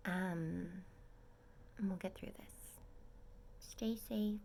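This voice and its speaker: A young woman vlogging from her small apartment as a nursing student, chatting and gushing and often dropping into a soft whisper. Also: mid-range voice, fairly even intonation, very slow, gravelly. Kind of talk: casual vlog update.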